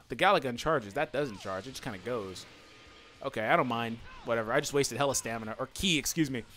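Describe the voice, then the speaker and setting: A man doing let's play commentary, excitable and yelling taunts at his opponents over faint game music. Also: mid-range voice, slight background noise. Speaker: gaming channel host.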